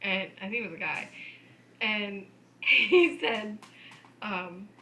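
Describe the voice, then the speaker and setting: A woman's voice: mid-range voice, slow pace, poor audio. A woman co-hosting a podcast in casual chat, telling stories animatedly and laughing often. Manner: giggly, animated storyteller. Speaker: podcast co-host.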